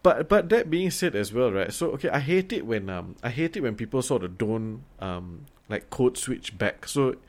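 A man's voice: medium pitch, expressive, moderate pace, hardly any pauses. A man co-hosting a podcast in casual chat, talking loosely with lots of fillers and restarts and the odd swear. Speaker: podcast co-host.

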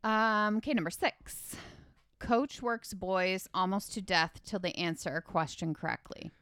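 A woman's voice: mid-range voice, measured pace, fairly bright tone, clear, resonant tone, no room sound. A young woman co-hosting a podcast, chatting casually with lots of likes and trailing-off sentences. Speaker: podcast co-host. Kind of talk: casual chat.

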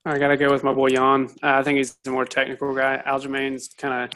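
A man's voice: mid-range voice, completely flat delivery, quick pace, pushed and bright. Laid-back rambling man chatting. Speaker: co-host. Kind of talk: casual podcast chat.

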